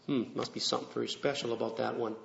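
A man voicing a humble, curious gardener who muses to himself in hushed tones. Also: medium pitch, flat delivery, fast, vocal fry, voice pushed down. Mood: wondering. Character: humble curious male gardener, eager and tempted. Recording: dull lo-fi recording.

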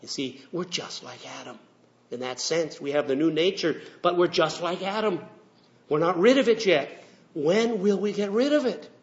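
Earnest preacher guy telling a story, slightly high voice, muffled lo-fi recording. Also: normal speed. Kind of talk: sermon. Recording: dull lo-fi recording.

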